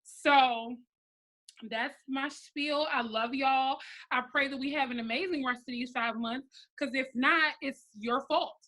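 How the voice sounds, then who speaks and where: A woman in her thirties giving a blunt, sassy and animated motivational pep talk to her sales team on a live stream. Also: high voice, unhurried. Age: 30s. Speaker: network marketing team leader.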